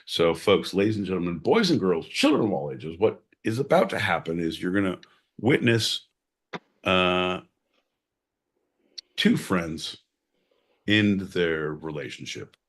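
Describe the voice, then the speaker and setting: A man's voice: sits low, sing-song, measured pace, long pauses, breathy edge. A man co-hosting a podcast, bantering sardonically with mock-grand announcements and frequent swearing. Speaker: podcast co-host. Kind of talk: casual comedic banter.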